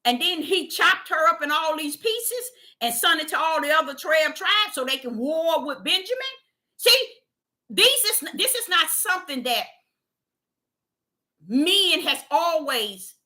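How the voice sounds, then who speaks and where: A woman's voice: high-pitched, lively intonation, measured pace, pushed and bright. A woman preaching a spontaneous sermon, fervent and exhorting. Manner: fervent, exhorting, retells visions in dialogue.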